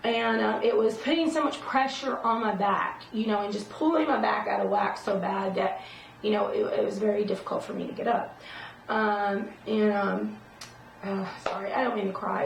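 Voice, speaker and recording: Gravelly middle-aged woman, rambling. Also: mid-range voice, fairly even intonation, moderate pace, a little hiss or hum. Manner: rambling and emphatic, tags points with "okay?". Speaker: vlogger. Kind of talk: casual personal talk to camera. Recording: roomy echo, distant from the mic.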